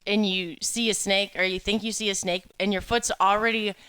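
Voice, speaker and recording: A woman's voice: medium pitch, steady tone, a little fast, bright, forceful tone, smooth. A young woman co-hosting a casual podcast chat, teasing and laughing often. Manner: giggly, teasing. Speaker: podcast co-host.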